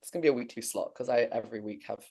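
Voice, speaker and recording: With an extremely low, breathy-edged voice, this English podcast co-host rattles off a long dream at rapid-fire speed. She tells it casually and animatedly, swearing and laughing along the way.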